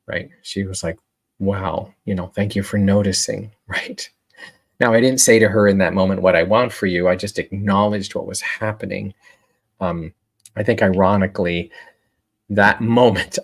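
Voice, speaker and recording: A man coaching in a relaxed motivational talk, reflective, with many fillers and restarts. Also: fairly low pitch, gravelly, husky.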